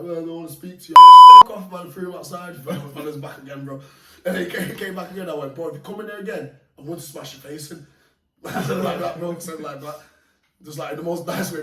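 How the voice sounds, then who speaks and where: Male guest, fast and animated storyteller, slightly high voice, roomy far-mic sound. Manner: animated, laughing, slangy. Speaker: podcast guest. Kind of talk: casual storytelling. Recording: echoey room, mic far off, faint noise.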